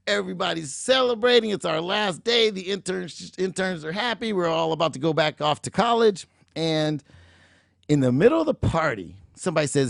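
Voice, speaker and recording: A middle-aged man hosting a show, telling a motivational story in an animated, emphatic way and acting out the dialogue. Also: high-pitched, moderate pace, vocal fry, dry recording, studio quality. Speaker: show host, motivational speaker.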